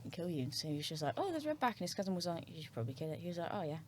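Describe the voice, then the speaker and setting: A woman guest on a podcast who tells stories in a casual, animated way, swearing freely and trailing off mid-sentence. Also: low-pitched, very fast. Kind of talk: casual storytelling.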